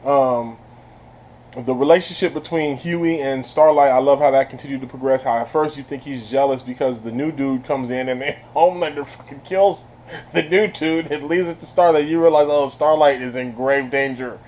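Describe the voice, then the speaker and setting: A man giving a casual spoiler review of a TV series. He laughs often, talks in slang and sounds animated. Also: mid-range voice, moderate pace, a little hiss or hum. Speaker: TV show reviewer.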